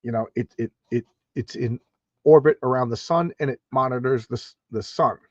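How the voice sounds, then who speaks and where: A man's voice: mid-range voice, normal speed, no echo, lo-fi sound. A man casually reading through an old comic and commenting on it, rambling with restarts and asides. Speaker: comic book reviewer.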